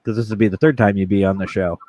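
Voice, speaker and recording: A man hosting a casual talk show, telling a funny story in an animated, jokey way and acting out voices. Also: fairly low pitch, racing, a little hiss or hum. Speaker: podcast host.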